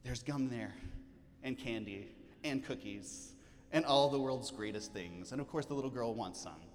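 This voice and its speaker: Male pastor, casual joking sermon, mid-pitched voice, stage mic. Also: moderate pace. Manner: casual, joking storytelling with frequent fillers. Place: church stage. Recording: church hall reverb, faint noise.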